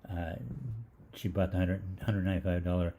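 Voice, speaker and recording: Deep, mellow-voiced man rambling through a story. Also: level tone, slight background noise. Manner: rambling, halting, full of fillers and restarts, acts out the other voices. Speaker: online health show host. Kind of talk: casual storytelling monologue.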